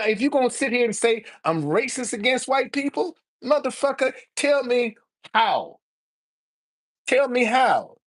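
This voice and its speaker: A woman in her seventies hosting a live stream, talking heatedly to her viewers with a lot of repetition, restarts and swearing. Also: a little high. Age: 70s. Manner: fiery, repetitive, profane, stammering restarts. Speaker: livestream host answering viewers.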